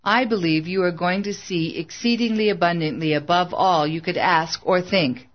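A man's voice: high-pitched, normal speed, muffled recording, close to an everyday voice. A narrator voicing a minister in his seventies, a veteran preacher who speaks hesitantly. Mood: insistent. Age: 70s. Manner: hesitant, reluctant. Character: elderly veteran male minister.

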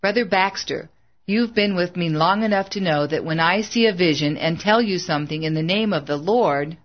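A narrator doing a stubborn preacher man in an audiobook, earnest and unbending, his words measured and slow when he turns grave. The sound is dull and lo-fi. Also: high-pitched, close to an everyday voice. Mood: firm. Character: stubborn middle-aged male preacher. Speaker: evangelist.

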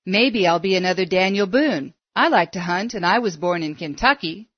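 A woman reading aloud as a curt young male game warden in a storybook, gruff and defensive, with short rustic replies. The recording is dry and a little dull and lo-fi. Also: high voice, animated, normal speed, dry recording.

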